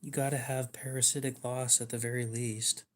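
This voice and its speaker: A man's voice: medium pitch, level tone, normal speed. A young man hosting a livestream, giving dry, teasing replies to chat in casual talk. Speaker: livestream host.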